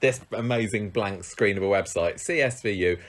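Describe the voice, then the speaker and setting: A man's voice: on the low side, normal speed. A man co-hosting a casual chat, enthusiastic and self-mocking as he clicks through old fan websites. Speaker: co-host.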